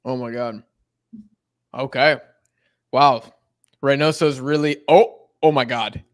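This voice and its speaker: A man's voice: mid-range voice, takes it slowly, no room sound, studio quality. A young man co-hosting a live watch-along, casually calling the football action as it unfolds and chatting between moves. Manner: relaxed, calls the play as it happens. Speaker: co-host of a match watch-along. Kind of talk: casual play-by-play commentary.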